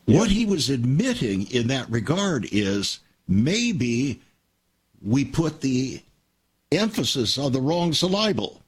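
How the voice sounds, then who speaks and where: A man's voice: medium pitch, big pitch swings, slow pace, breathy edge. An older man hosting a Christian radio talk show, telling stories earnestly and with emphasis.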